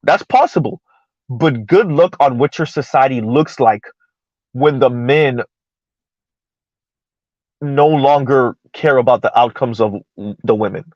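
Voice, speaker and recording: A man's voice: medium pitch, takes it slowly, long pauses, darkish tone, dry recording, lo-fi sound. A man talking casually and emphatically, firing rhetorical questions and repeating himself. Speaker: podcast host. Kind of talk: casual debate talk.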